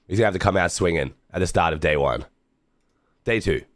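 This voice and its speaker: Hoarse deep-voiced Australian streamer. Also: male voice, a little fast, no room sound, studio quality. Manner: laid-back, swears casually, talks to chat. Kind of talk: casual livestream watch-along commentary.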